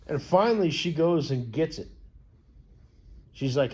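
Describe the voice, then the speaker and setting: A man's voice: on the high side, unhurried, long pauses, darkish tone, muffled recording. A young American man telling a rambling, profane story with lots of fillers and restarts. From United States. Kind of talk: casual rambling monologue.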